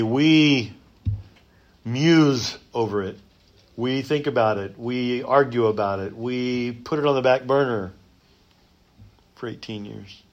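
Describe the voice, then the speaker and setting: A man preaching a sermon in a conversational way, rising for emphasis and dropping to soft asides. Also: mid-range voice. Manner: conversational, many fillers and restarts. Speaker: pastor.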